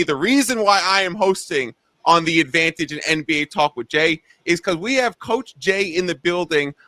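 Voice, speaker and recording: Male sports show host, bright, slightly high voice, dry close mic, energetic rundown. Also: dry recording. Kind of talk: sports betting talk show.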